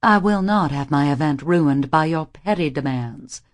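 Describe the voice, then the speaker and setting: A woman's voice: low voice, lively intonation, moderate pace, no echo. A woman voicing a cold, haughty society mother in her fifties in an audiobook, clipped and imperious.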